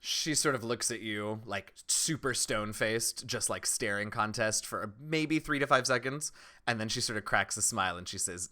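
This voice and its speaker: A man narrating as game master of a tabletop game, relaxed and descriptive. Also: fairly low pitch, normal speed. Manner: relaxed, descriptive, laughs easily.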